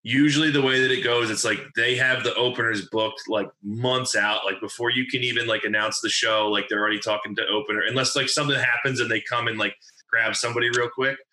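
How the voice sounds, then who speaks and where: A man in his twenties from New Jersey chats casually, telling a story and rambling with lots of fillers and swearing. His voice is bright and forward, and the room gives it a noticeable echo. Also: medium pitch, steady tone, fast talker. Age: 20s. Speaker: podcast guest telling a story. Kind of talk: casual chat.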